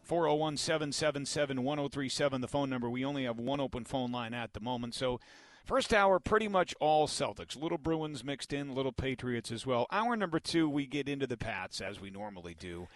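A man's voice: medium pitch, animated, brisk, no echo. A man hosting a sports talk radio show, upbeat and punchy as he runs the segment. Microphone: studio broadcast mic.

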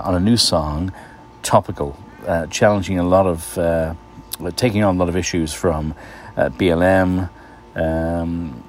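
A man's voice: deep voice, a little hiss or hum. A man hosting a casual segment, chatting loosely with lots of fillers. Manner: relaxed, chatty, many uh fillers. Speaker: radio host. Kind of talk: casual weekly segment chat.

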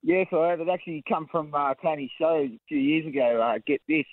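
A man with an Australian accent calling in to radio, friendly and relaxed. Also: on the high side, fairly quick, no echo, phone-quality sound. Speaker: caller.

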